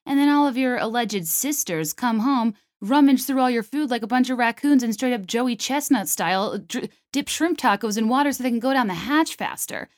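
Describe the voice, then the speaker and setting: A young adult woman hosting a solo comedy podcast, talking in an animated, sarcastic way and slipping into mocking voices. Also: fairly high pitch, moderate pace, hardly any pauses, dry recording, clean studio sound. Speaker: podcast host.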